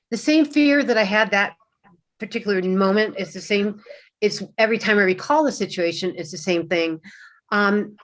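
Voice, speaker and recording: Woman on a video call telling her story, halting, lots of restarts and ums. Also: medium pitch. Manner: halting, many restarts and fillers. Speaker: panelist.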